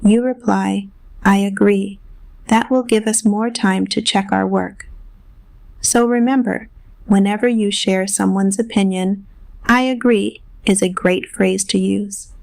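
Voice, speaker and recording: A woman narrates a scripted English lesson, patiently explaining everyday phrases and modeling examples. Her voice has a gravelly, fry-tinged texture and a mid pitch. The sound is close and dry. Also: steady tone, measured pace, darkish tone, no echo. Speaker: English teacher.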